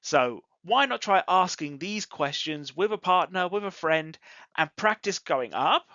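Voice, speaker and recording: An English teacher explains a lesson in a bright, lively voice that swoops up and down to show intonation. The delivery is clear and encouraging. It is a dry, slightly dull, lo-fi recording with no room sound. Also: mid-range voice, unhurried, dry recording. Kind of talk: online language lesson.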